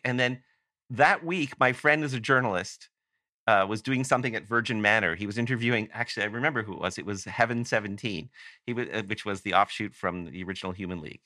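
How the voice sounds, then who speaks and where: A man's voice: medium pitch, steady tone, fast talker, sharp tone, no echo, studio quality. A man from Canada telling a long, rambling story as a podcast guest, often breaking off and restarting his sentences. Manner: rambling, self-interrupting storyteller. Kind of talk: casual anecdote telling.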